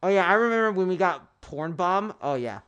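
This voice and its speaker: A man livestreams casual chat with his viewers, rambling, swearing, and tripping over his words. His high, clear, resonant voice is fairly bright with lively intonation, and he talks fairly quickly. The recording is muffled, with music playing in the background.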